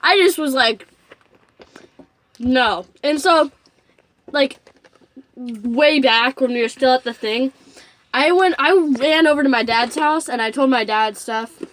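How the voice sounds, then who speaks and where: A woman's voice: high-pitched, a little slow, fairly bright tone. A young woman telling a rambling, giggly story in a casual vlog and cussing often.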